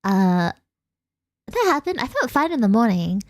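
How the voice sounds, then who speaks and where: A woman's voice: on the high side, big pitch swings, a little slow, dry recording, clean studio sound. A young Australian woman streaming a casual late-night chat, rambling and giggling as she answers her viewers. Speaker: vtuber streamer.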